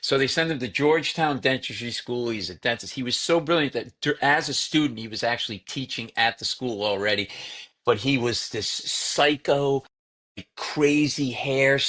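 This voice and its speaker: A man's voice: medium pitch, normal speed. A man telling family stories in casual chat as a comedian guest, acting out his relatives' voices. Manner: animated storyteller, acts out voices of relatives.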